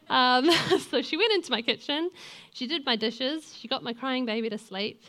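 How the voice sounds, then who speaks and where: A woman's voice: sits high, moderate pace, fairly bright tone. A young woman gives a sermon as a lay preacher, speaking in an earnest, conversational way and weaving in personal stories. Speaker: lay preacher and youth leader.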